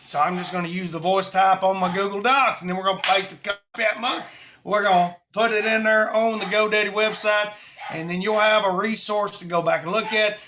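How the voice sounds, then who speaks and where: Bright, high-voiced man hosting a live stream. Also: a little hiss or hum. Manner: rambling, friendly, many fillers and restarts. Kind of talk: casual live-stream chat.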